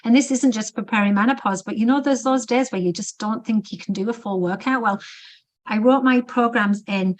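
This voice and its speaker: A woman's voice: fairly high pitch, a little fast. A middle-aged woman, a fitness coach and author, talking casually as a podcast guest and acting out quotes as she tells stories. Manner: animated storyteller, acting out quotes. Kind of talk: conversational podcast interview.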